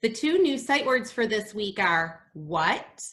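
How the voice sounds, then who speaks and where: A woman teacher giving a reading lesson to young children, sounding out letters slowly and gasping in delight. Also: medium pitch, sing-song, fairly bright tone. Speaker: kindergarten teacher.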